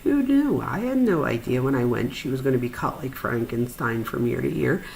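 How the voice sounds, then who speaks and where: A woman with a low, gravelly voice tells a personal story on a podcast. She talks in an animated, chatty way, full of fillers, and jumps up high for quoted asides. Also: fairly quick, slight background noise, poor audio. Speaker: podcast host, psychologist.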